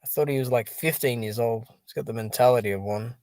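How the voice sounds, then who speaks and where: A man's voice: mid-range voice, quick pace, darkish tone, no echo. Exasperated man ranting casually about boxing. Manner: exasperated, dismissive, repetitive fillers like "dude" and "man". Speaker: boxing commentary channel host. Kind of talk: casual solo boxing and MMA commentary.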